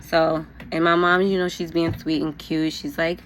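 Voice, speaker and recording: Low-voiced New woman telling a story. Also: little pitch movement, normal speed, few pauses, a little hiss or hum. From New York. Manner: casual, frank storytelling with heavy use of "like" and "you know". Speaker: vlogger. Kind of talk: get-ready-with-me storytime.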